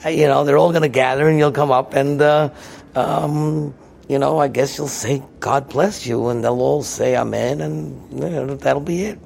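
A man's voice: medium pitch, fairly even intonation, moderate pace, vocal fry, darkish tone, a little hiss or hum, voice pushed up. A man voicing a rabbi who reassures a nervous young man with hesitant, filler-heavy talk. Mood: reassuring. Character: unsure young male rabbi's companion, flustered.

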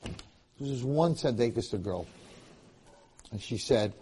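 A man giving a Torah lecture, telling a story in an animated way that restarts and repeats phrases often. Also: medium pitch, measured pace, long pauses, slightly rough.

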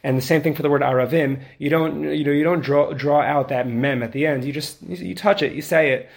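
A man with a fairly high voice gives a prayer-leading lesson. He talks through each step in a relaxed way, then breaks into slow chant to show the tune. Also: creaky. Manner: explains quickly, then chants prayer tunes slowly. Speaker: prayer leader instructor. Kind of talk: teaching lesson with chanted demonstrations.

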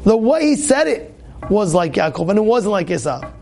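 A man giving an informal Torah talk to young listeners, animated and repetitive, full of fillers and restarts. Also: sits high, normal speed, gravelly, a little hiss or hum. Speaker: Torah teacher.

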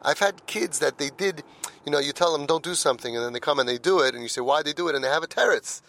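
A man's voice: a little high, fast talker, gravelly, fairly bright tone, rough recording. Earnest middle-aged man telling family stories. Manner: earnest, anecdotal, repeats words when emphatic. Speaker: parenting speaker. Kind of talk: heartfelt monologue.

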